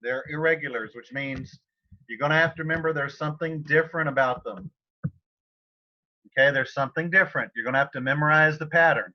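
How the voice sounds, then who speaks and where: A Spanish teacher with a fairly high voice runs a live online class in a loose, chatty, brisk way, repeatedly pausing to clear his throat. The audio is dull and lo-fi, like computer sound from a video call.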